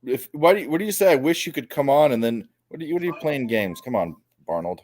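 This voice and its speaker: A man's voice: mid-range voice, lively intonation, fast, darkish tone. A man hosting a casual sports betting stream, blunt and stumbling, swearing freely. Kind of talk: casual chat.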